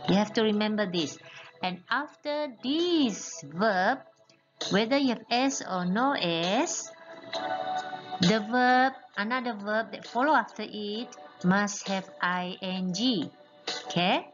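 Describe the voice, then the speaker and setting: A woman's voice: mid-range voice, slow. A woman teaching an English grammar lesson, patiently spelling out letters and often checking in with "okay". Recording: muffled lo-fi recording with faint music.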